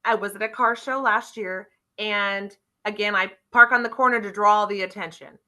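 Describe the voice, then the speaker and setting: A woman guest on a car podcast, telling animated stories and acting out quotes with lively voices. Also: mid-range voice, normal speed, rough recording. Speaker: guest, car club member. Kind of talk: casual interview storytelling.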